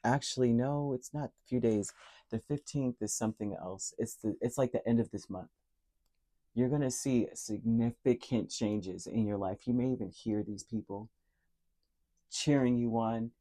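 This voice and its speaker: Emotional man giving a mellow tarot reading. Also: mid-range voice, normal speed. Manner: earnest, emotional, speaks straight to the listener; repeats key words, many fillers and restarts. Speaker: tarot reader. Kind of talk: direct-to-camera tarot reading.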